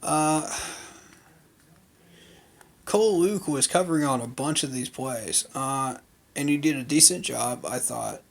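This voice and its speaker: A man's voice: mid-range voice, unhurried, vocal fry, long pauses. A man giving an unscripted recap of a training day, talking loosely with lots of fillers and firm opinions. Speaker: fan commentator. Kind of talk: casual recap vlog.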